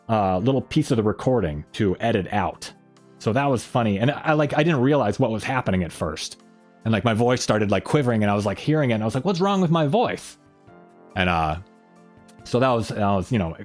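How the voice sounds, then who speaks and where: Man, live stream host, casual rambling chat, reads viewer comments aloud, middle pitch, faint background music. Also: a little mellow.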